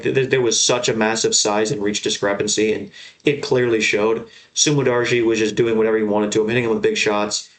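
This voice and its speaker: Heated, profane young man ranting. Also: mid-range voice. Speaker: MMA show host. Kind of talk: solo fight recap rant.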